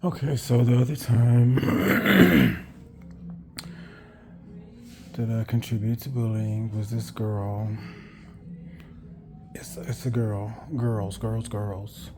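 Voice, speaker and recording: A man's voice: lowish voice, slow, long pauses, music in the background. Frank, rambling man telling a story. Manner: rambling, frank, swears casually, self-correcting. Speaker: vlogger. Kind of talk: candid personal storytelling.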